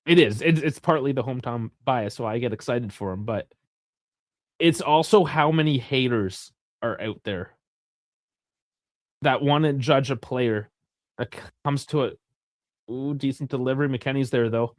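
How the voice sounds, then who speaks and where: A young man hosting a live football watch-along, chatty and rambling, swearing freely and bursting into shouts at big chances. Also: mid-range voice, normal speed, pauses often, dry recording, clean studio sound. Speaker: live stream host.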